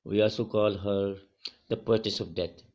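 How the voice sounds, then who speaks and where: Man giving a halting literature lecture. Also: lowish voice, fairly even intonation, a little mellow, highs cut off. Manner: halting, repeats and corrects words while explaining. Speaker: college English teacher.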